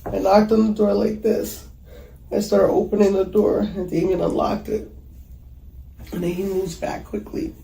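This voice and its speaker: A woman giving emotional interview testimony as a mother, halting and hesitant with many pauses. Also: medium pitch, steady tone, gravelly, warm tone. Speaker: mother recounting a killing. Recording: echoey room with faint background noise.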